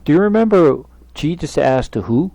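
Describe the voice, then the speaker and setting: A man's voice: on the high side, animated, moderate pace, creaky, dark tone, no echo, highs cut off. A man leading a Bible study, speaking emphatically and asking his listeners questions.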